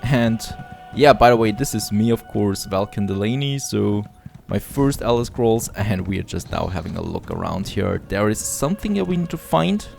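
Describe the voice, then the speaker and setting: A man's voice: fairly low pitch, animated, normal speed, creaky, darkish tone, soft background music. A man giving casual, upbeat commentary as he plays a video game, often admiring the scenery aloud. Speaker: let's play host.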